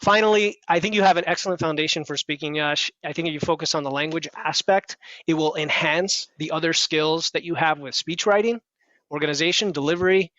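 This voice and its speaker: Man, club speech evaluator, encouraging and organized, raised pitch, dry lo-fi call audio. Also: brisk, sharp tone, no room sound. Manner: encouraging, structured feedback. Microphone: headset on a video call.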